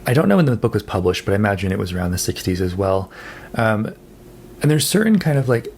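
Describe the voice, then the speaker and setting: Chatty low-voiced man reviewing books. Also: darkish tone, a little hiss or hum. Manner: chatty, thinking aloud with fillers and self-corrections. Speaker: book vlogger. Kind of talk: casual monthly wrap-up talk.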